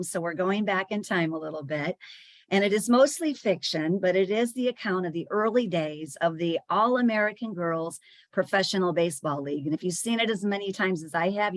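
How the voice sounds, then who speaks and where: A woman's voice: fairly low pitch, no room sound. A woman giving a chatty presentation to sales leaders, with frequent fillers and small restarts.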